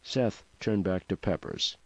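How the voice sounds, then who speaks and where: A man's voice: low-pitched, measured pace, no echo. A man narrating an audiobook with a dry, wry delivery. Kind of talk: scripted narration. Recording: dull dry studio sound.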